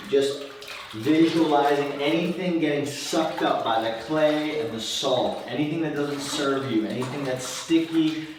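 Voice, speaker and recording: A man, a wellness coach, giving a relaxed, conversational how-to talk from his bathtub, rambling a little and repeating words as he goes. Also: medium pitch, far from the mic, background noise. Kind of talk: casual instructional talk. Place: bathroom, in a bathtub. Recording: very echoey room, voice from off the mic.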